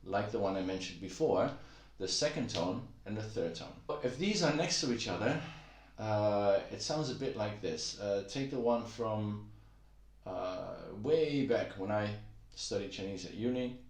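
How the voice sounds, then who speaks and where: Slow, low-voiced man teaching casually. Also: echoey room. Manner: relaxed, halting, with many fillers, demonstrating pronunciation slowly. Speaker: language teacher. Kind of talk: casual spoken lesson.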